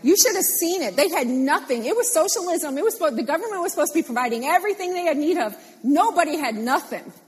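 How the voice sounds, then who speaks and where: A woman preaching a sermon, animated and playful, repeating phrases for emphasis. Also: sits high, quick pace, hardly any pauses, long reverb tail.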